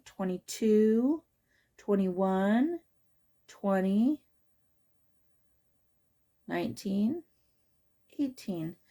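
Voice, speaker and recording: A woman's voice: medium pitch, darkish tone. A woman reading a picture book aloud to children, chatting and asking them questions along the way. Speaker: children's story reader.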